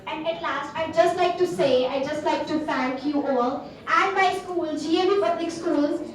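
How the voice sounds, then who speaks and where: A woman's voice: high-pitched, measured pace. A teenage girl with an Indian English accent giving an earnest speech to an audience in a large hall, with frequent fillers. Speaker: student speaker. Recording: echoey hall from far off.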